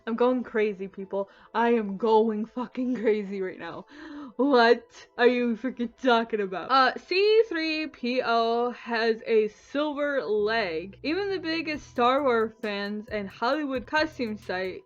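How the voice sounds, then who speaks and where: A young woman vlogging her reactions in casual, animated talk, breaking into incredulous, swearing outbursts. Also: fairly high pitch, measured pace, lo-fi sound. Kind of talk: reacting to Mandela effects, casual vlog.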